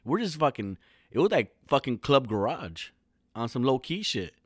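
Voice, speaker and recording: A man's voice: medium pitch, very animated, normal speed, slightly rough, no room sound, studio quality. A man in his thirties from California, talking alone in a casual, rambling, profane podcast monologue full of slang.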